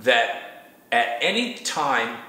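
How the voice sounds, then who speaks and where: A man co-hosting a casual spiritual talk, explaining ideas in a halting, thoughtful way with frequent restarts. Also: medium pitch, sing-song, sharp tone, roomy sound. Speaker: co-host.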